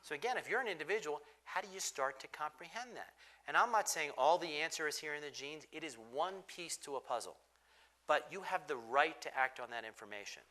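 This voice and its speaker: Bright-voiced man explaining emphatically. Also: fairly high pitch, animated, fairly quick. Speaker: physician panelist. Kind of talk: panel discussion.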